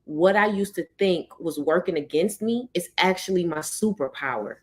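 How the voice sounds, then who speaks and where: A woman hosting a podcast, affirming her guest in a lively, slangy casual chat. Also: lowish voice, moderate pace. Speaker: podcast host.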